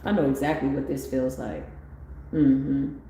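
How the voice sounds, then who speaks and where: A woman giving a motivational spiritual talk on a livestream, animated and swinging up into excited exclamations. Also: rumbling low, measured pace. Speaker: spiritual tarot reader. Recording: very echoey room with faint ambient noise.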